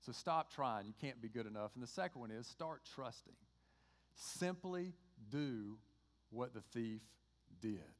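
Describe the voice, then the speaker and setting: A man's voice: mid-range voice, unhurried. Southern guy from georgia preaching, chatty, voices the dialogue, big hall echo. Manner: conversational preaching, acts out dialogue with lively voices. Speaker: pastor. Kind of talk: sermon. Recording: long hall reverb.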